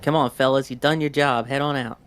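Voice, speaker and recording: A man's voice: mid-range voice, steady tone, fairly bright tone, a little hiss or hum. A man with a North Jersey accent co-hosting a livestream, chatting casually and joking with his co-hosts. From New Jersey, born in New York. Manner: joking, teasing, quick to laugh. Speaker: livestream co-host.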